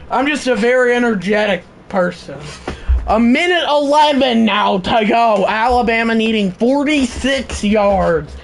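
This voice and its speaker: A young man doing excitable play-by-play commentary on a video game stream, laughing along with his chat and shouting on big plays. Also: very high-pitched, a little slow, gravelly, a little hiss or hum. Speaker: livestream commentator.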